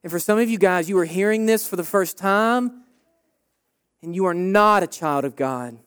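A man's voice: high voice, lively intonation, moderate pace, fairly bright tone, clear, resonant tone. Fervent forty-year-old male pastor preaching. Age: 40s. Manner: fervent, repeats short emphatic phrases. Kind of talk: sermon.

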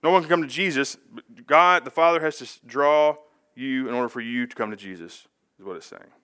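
Chatty preacher with a bright voice. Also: male voice, medium pitch, brisk, smooth. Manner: conversational, rambling with asides and self-corrections. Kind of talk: casual sermon.

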